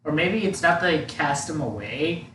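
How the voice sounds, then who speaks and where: Young man, slightly high voice, casual baking chat, rambling, echoey kitchen, distant mic. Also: lively intonation, moderate pace. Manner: rambling, restarts often, playful. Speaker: co-host of baking video. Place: home kitchen. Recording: echoey room, from far off mic, faint noise.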